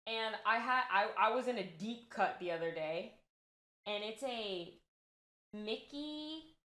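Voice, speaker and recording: A young woman streamer chatting casually and rambling excitedly while she crafts at home. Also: a little high, slow pace. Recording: roomy room echo.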